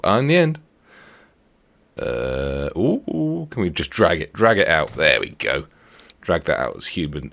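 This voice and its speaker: A man with an extremely low voice talks through a game in a loose, chatty way. His pitch swings widely as he jokes with himself while building. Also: creaky, fairly bright tone. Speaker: let's play host. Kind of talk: casual gameplay commentary.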